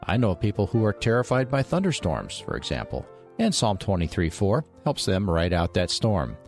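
A man with a low voice hosting a radio Bible program. He reads a scripted introduction and drops in light humorous asides. Soft music plays faintly underneath. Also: sing-song, normal speed.

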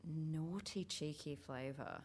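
A woman's voice: sits low, takes it slowly, a little mellow, slightly rough. A woman, a theatre writer, talking frankly and thoughtfully in casual chat, with some swearing.

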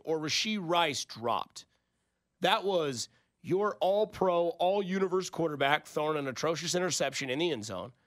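A man's voice: fairly high pitch, fairly bright tone. A man co-hosting a sports talk show, building his arguments with analogies and acted-out quotes. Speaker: sports radio co-host.

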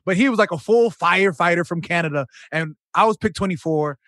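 A man in his thirties hosting a casual chat, animated and quick to laugh. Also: high voice, no room sound, studio quality.

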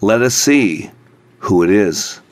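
A man voicing a calm, patient old male hermit in a read-aloud storybook, speaking quietly and without hurry. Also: fairly low pitch, slow, no echo.

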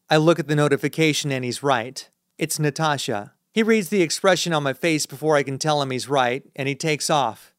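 A man reading a first-person thriller as an audiobook narrator, in a measured, tense storytelling manner. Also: a little high, no room sound, clean studio sound.

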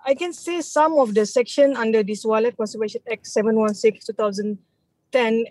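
A woman with a Malaysian English accent, president of a conservation group, speaks hesitantly as a radio guest, with pauses and restarts. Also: on the high side, darkish tone, no echo, rough recording. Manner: hesitant, many fillers and restarts.

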